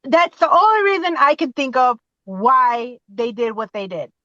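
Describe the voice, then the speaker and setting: A woman in her forties tells a personal story over a muffled remote line, speaking from inside her car. Her voice sits a little high and runs dry and close. She acts out her own words with lively swings as she talks. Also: unhurried, no room sound. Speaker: guest.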